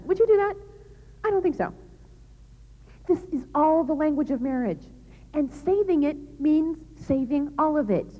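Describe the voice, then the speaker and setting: Lively woman speaker, storytelling to a crowd. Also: fairly high pitch. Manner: lively storytelling with rhetorical questions; addresses the audience directly. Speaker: public speaker on love and marriage. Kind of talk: live talk to an audience. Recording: dull, lo-fi recording.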